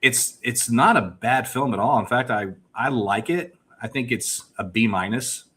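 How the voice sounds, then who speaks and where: Upbeat middle-aged podcast host, medium voice. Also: male voice, mid-range voice, expressive, a bit bright, husky. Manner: upbeat, geeky, quick rambling. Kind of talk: casual chat.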